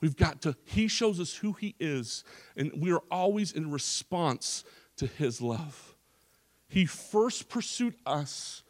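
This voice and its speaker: High-voiced, unhurried male preacher. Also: animated. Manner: emphatic preacher with frequent restarts and repetitions. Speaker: pastor. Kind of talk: sermon.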